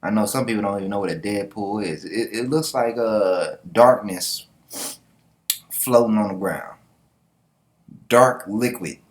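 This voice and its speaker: A man's voice: lowish voice, unhurried, pauses often. A man giving a casual, slangy, profane comic-book reaction, laughing often. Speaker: manga reviewer.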